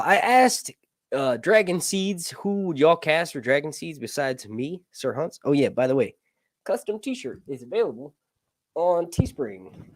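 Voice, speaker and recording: A man's voice: fairly high pitch, no room sound, clean studio sound. A man in his early thirties, host of a casual live stream, rambling, joking and swearing as he loses his train of thought. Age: 30s.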